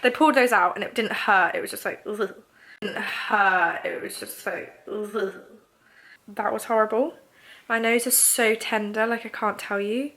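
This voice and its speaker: A woman's voice: medium pitch, fairly even intonation, moderate pace, a bit bright. A young woman talking casually in a video diary, nasal and congested, chatty and emotional. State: congested, nasal after surgery. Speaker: vlogger.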